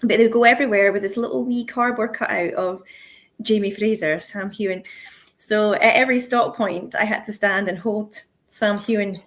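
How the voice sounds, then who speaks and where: Scottish woman, podcast co-host, chatty anecdotes, quick laughs, mid-pitched everyday voice. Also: steady tone, a bit bright. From Scotland. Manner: chatty, laughs often while telling stories. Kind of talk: casual chat, anecdotal storytelling.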